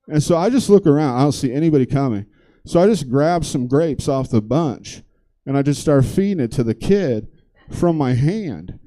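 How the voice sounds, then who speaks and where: A man's voice: medium pitch, expressive, moderate pace, warm tone. A man doing stand-up comedy, telling a long story in a loose, conversational, profane way on a theater stage.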